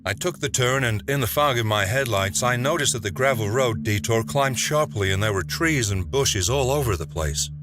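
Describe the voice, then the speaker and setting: A man's voice: mid-range voice, animated, moderate pace, few pauses. A man narrating a first-person horror story in a dramatic, tense way. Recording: narration over music.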